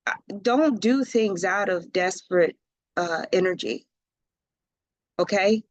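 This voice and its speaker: A woman's voice: medium pitch, slow, no echo, poor audio. A woman giving a casual tarot reading, chatty and slangy, laughing often and talking straight to the viewer. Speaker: tarot reader.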